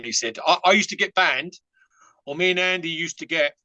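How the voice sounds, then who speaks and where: Man, Essex accent, bright high voice, dry close mic, rambling frank stories. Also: fairly quick, no room sound, rough recording. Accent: Essex English. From England. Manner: rambling, frank, with many fillers and acted-out quotes. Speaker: podcast guest. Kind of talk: casual storytelling.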